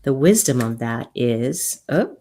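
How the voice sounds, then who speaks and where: A woman hosting a live spiritual advice chat and reading oracle cards. She talks gently and soothingly, halting often and repeating herself as she goes. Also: rumbling low, big pitch swings. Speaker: host and spiritual healer.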